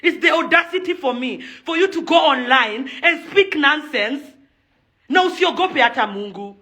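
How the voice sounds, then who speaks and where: At a normal speed, a young Kenyan socialite and event organizer vents in an angry video, her fairly high voice bright, tense and expressive. She leans hard on every point and repeats them again and again.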